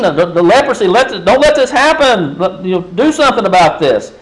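A man's voice: sits high, big pitch swings, brisk, few pauses, poor audio. A man preaching a sermon in a conversational way, often turning to the congregation with rhetorical questions. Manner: frequent restarts and fillers.

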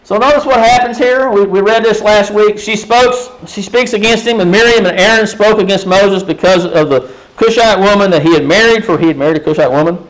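A man's voice: high-pitched, a little fast, low-quality recording. A man preaching a sermon in a conversational way, often turning to the congregation with rhetorical questions. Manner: frequent restarts and fillers.

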